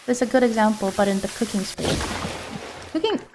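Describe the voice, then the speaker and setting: A young woman streaming live, chatting casually in an excitable, giggly, easily flustered way. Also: fairly high pitch, brisk, background noise.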